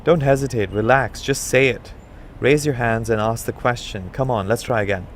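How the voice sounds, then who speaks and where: A man's voice: mid-range voice, moderate pace, slight background noise, close to an everyday voice. A man voicing a patient but stern director rehearsing a village play, coaxing and correcting his actors. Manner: coaxing, prompting lines.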